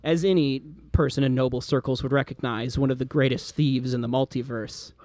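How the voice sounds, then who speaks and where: A man's voice: medium pitch, steady tone, brisk, darkish tone, no echo. A man narrating a tabletop game as game master, describing scenes with casual fillers.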